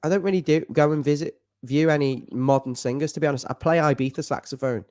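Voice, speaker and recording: A middle-aged man, co-hosting a casual fan show chat in a jokey way, now and then slipping into falsetto singing. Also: quick pace, darkish tone.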